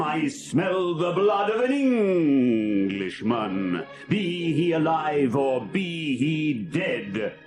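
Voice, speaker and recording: An actor playing a huge, fierce man-eating ogre in a storybook audiobook, roaring his lines slowly. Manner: slow booming roars.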